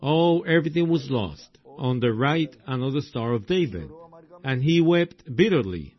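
A man preaching a sermon in a slow, drawn-out way, breaking into exclamations. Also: mid-range voice, animated. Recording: dull lo-fi recording.

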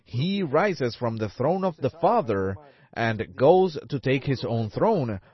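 Fervent preacher, lively pitch, lo-fi. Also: male voice. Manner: fervent, rising exclamations, drawn-out emphasis. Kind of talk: sermon. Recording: dull lo-fi recording.

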